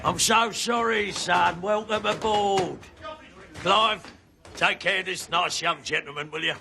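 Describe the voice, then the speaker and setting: A man's voice: sits high, fairly even intonation, a little slow, vocal fry, background noise. An actor playing a coarse male boxing gym boss who bellows and drawls. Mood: mock-kind. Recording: TV soundtrack with music.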